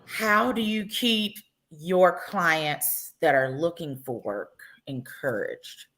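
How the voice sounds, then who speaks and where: A woman's voice: low voice, takes it slowly, a bit bright. A woman hosting a live podcast, chatting casually, laughing often and loose in her speech. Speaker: podcast host.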